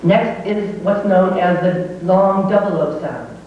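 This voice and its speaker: A woman teaching pronunciation who slowly models each vowel sound and patiently explains how the lips and jaw move. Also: lowish voice. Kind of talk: slow demonstrative pronunciation lesson. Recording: old VHS tape, distant roomy echo, dull with faint hum.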